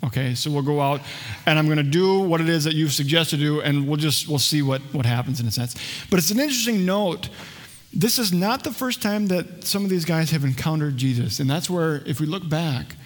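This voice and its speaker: Conversational preacher, a man, slightly high voice. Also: lively intonation, fairly quick. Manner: conversational, jokes with the congregation. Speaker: pastor. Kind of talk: sermon. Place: church.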